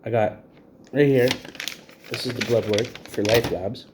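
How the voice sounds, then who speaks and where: A man's voice: medium pitch, fairly even intonation, unhurried, noisy background. A man in his thirties ranting to camera in an agitated, repetitive way, short of breath, with frequent "you know what I mean" fillers. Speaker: vlogger.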